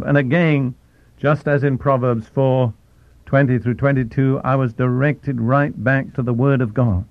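Man preaching a bible teaching, slows right down on the key bits, sounds like a phone line, dry. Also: medium pitch, fairly even intonation, no echo. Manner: deliberate, slows down to stress key phrases. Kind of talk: sermon.

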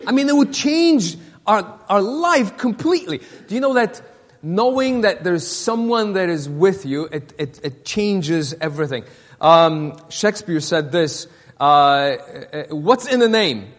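High-voiced man preaching in a reverberant hall. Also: lively intonation. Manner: halting, repeats words, many fillers. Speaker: pastor. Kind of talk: sermon.

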